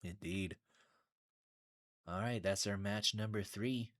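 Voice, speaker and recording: A man casting a tennis game tournament stream in a relaxed, chatty way, laughing often as he announces matchups. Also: lowish voice, takes it slowly. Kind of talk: casual stream commentary.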